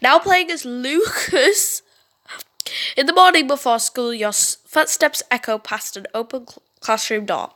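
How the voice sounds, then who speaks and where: A woman gaming YouTuber reading a story game aloud, expressive and reacting with exclamations. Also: sits high, measured pace.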